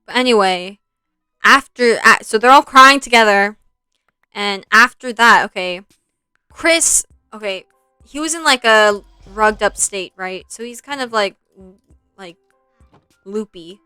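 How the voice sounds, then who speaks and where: Young woman streamer, rambling storyteller, crisp dry close sound, faint music behind. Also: mid-range voice, measured pace, dry recording. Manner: rambling, easily sidetracked, animated retelling. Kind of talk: casual storytelling while streaming.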